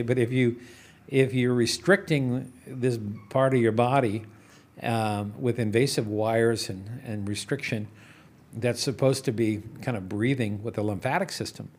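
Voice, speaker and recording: A man guest in an interview, a business investor casually telling animated stories, chuckling and restarting his sentences as he goes. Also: mid-range voice.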